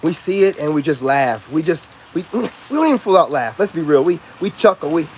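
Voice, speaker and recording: Loose-talking mocking man with bright pitch. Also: animated, brisk, a little hiss or hum. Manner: loose, mocking, lots of filler phrases. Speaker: online commentator. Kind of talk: casual rant to camera.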